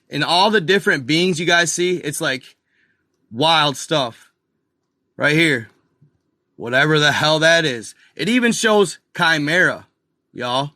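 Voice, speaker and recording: A man's voice: a little high, pushed and bright, no room sound, clean studio sound. A man hosting a live stream, rambling casually over a map, calling his viewers y'all and muttering exasperated asides to himself. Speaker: channel host.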